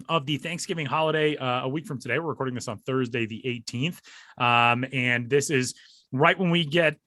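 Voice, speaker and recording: A man hosting a podcast in casual chat, jokey and animated. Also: fairly high pitch, no room sound, clean studio sound. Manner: jokey, animated, quick laughs. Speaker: podcast host.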